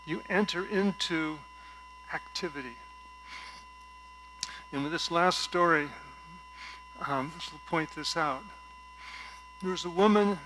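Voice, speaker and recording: A man preaching a gentle, reflective sermon from a stage at a spiritual center, telling a story and often dropping to a soft voice. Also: on the high side, noisy background. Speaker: guest speaker at a spiritual center.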